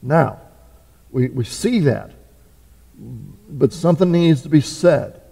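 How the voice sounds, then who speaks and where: A man's voice: a little high, lively intonation, slow pace, vocal fry, mellow. A man preaching a conversational sermon, full of fillers, restarts and rhetorical questions. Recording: reverberant hall.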